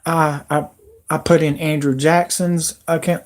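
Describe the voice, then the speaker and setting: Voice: mid-range voice, level tone, a little slow. A livestream host giving an agitated, emotional, rambling rant into a computer microphone. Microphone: computer mic.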